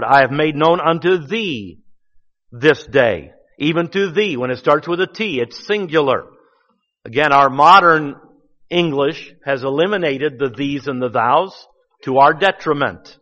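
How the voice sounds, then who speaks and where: Man, pastor, sermon, folksy, emphatic, slightly high voice, long reverb. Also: expressive, moderate pace, pushed and bright. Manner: folksy preaching, rising to emphatic bursts. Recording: dull sound with long church reverb.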